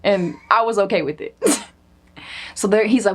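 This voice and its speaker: A young woman telling a comedic personal story in a casual, animated way, cursing freely and acting out what others said. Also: medium pitch, moderate pace. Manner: animated, profane, acts out quoted voices. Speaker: storyteller guest.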